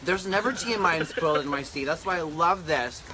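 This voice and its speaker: A campy drag queen host talks briskly into a handheld camera on an outdoor back deck in humid, rainy weather. His voice is a bit high with a bright, sharp edge, his chat sassy and profane, with a faint outdoor hum behind him.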